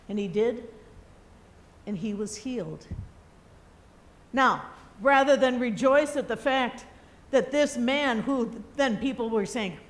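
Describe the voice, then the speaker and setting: A woman preacher delivers a sermon at an unhurried pace. She tells a story in a gentle, reflective manner, with a voice pitched a little high.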